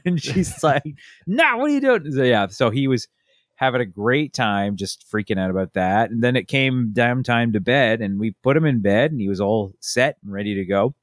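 A man in his thirties co-hosting a casual chat show, telling stories with lively acted-out quotes. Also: lowish voice, moderate pace, no echo, clean studio sound. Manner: animated storytelling, acting out his family's lines. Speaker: podcast co-host.

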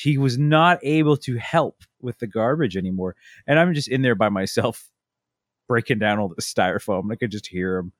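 A man in his thirties co-hosting a casual chat show, telling stories with lively acted-out quotes. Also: mid-range voice, no echo, clean studio sound. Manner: animated storytelling, acting out his family's lines. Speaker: podcast co-host.

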